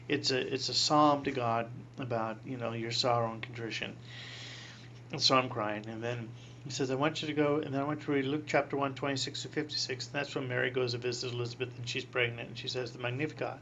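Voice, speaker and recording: A man in his sixties, a priest, telling a personal story in an interview, animated, acting out voices and laughing often. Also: mid-range voice, brisk, dull audio, a little hiss or hum.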